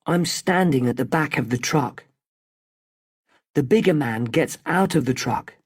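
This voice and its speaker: Male narrator, storybook for learners, very slow, careful, clear. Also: fairly high pitch, expressive.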